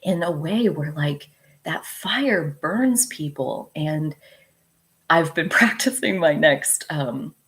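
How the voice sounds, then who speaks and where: A woman's voice: low-pitched, lively intonation, slow pace, a bit bright. A woman hosting an astrology talk, chatting casually and frankly, often laughing and filling with "like" and "dude". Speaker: astrologer host.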